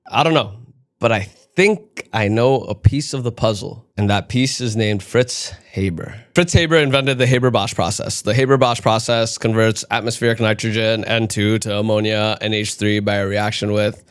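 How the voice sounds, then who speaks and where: A young man from New York talks through a comedic monologue in a fairly low voice. He moves between dry, musing asides and abrupt, animated outbursts. His delivery stays loose and conversational. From United States, raised in New York. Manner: animated, swings from deadpan musing to sudden outbursts. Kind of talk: stand-up style comedic monologue.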